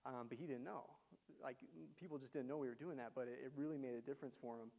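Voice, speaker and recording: A man giving a university lecture, telling business stories in an animated way and quizzing the audience. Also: medium pitch, fast. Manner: animated storyteller, engages audience with questions. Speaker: guest lecturer, entrepreneur. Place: lecture hall.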